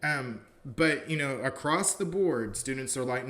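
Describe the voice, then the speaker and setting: A man's voice: medium pitch, animated, measured pace, hardly any pauses, a bit bright. Guy professor telling a class story, chatty, keeps saying you know, does the quotes. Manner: conversational, heavy use of "you know"; acts out quoted dialogue in his stories. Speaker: college philosophy professor. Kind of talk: casual storytelling lecture.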